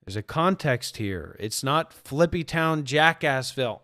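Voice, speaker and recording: A man with a fairly high-pitched voice talks bluntly and profanely to viewers on a livestream. He speaks as a spiritual teacher, recorded dry with no room echo. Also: animated, a little slow, hardly any pauses, a bit bright.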